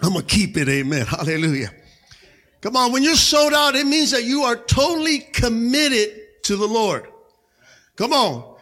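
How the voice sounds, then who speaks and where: A man preaching a sermon as pastor to his congregation in a church, with a slightly raspy voice, calling out "come on" and "amen" and shouting as he rises. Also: extremely high pitch, big pitch swings, moderate pace. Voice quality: a little raspy. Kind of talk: energetic sermon. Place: church sanctuary.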